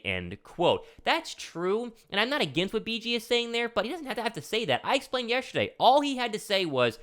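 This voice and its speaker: Fast, animated young male sports host. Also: high voice. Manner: excited, fast-talking, animated. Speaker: show host. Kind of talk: energetic sports commentary.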